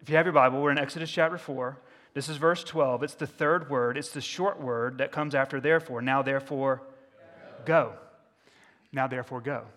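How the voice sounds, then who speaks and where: A man's voice: mid-range voice, fairly even intonation, a little fast, fairly bright tone. Earnest male pastor in an echoey hall. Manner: candid, asks the congregation questions. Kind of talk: sermon. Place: church sanctuary.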